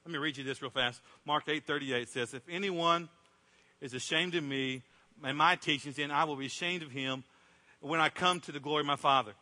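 A man's voice: on the high side, fairly quick, bright, forceful tone. A middle-aged man preaching a sermon as a pastor, in a conversational storytelling way that acts out what people said, recorded in a church sanctuary. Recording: long reverb from a church hall.

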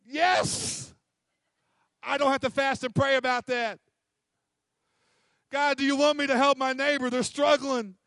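High-voiced emphatic male preacher. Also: level tone, unhurried, pauses often, fairly bright tone, dry recording, studio quality. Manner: emphatic, repetitive, acts out quotes. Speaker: pastor. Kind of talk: sermon.

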